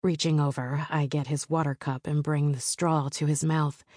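A woman narrating a romance audiobook in the first person with a soft, intimate storytelling manner. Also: low-pitched, little pitch movement, normal speed, dry recording, studio quality.

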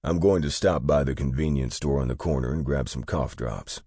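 A man voicing a big, stubborn male cop who talks gruffly and curtly. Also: rumbling low, moderate pace, warm tone, dry recording, studio quality. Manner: gruff, curt.

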